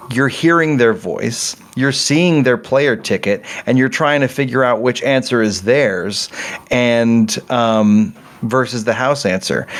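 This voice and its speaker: A middle-aged man with a mid-range voice appears as a game developer guest on a podcast. He talks casually and animatedly through a story, rambling and correcting himself along the way.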